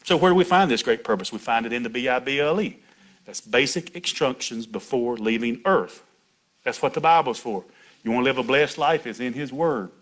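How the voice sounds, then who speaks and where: A middle-aged man with a medium-pitched, slightly bright voice preaches a folksy sermon at a brisk clip. He's chatty and laughs, calling out to people in the pews by name.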